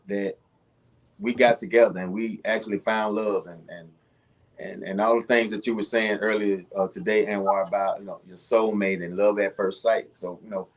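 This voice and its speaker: A man who is a guest on a casual chat, speaking in a reflective, halting way. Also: on the low side.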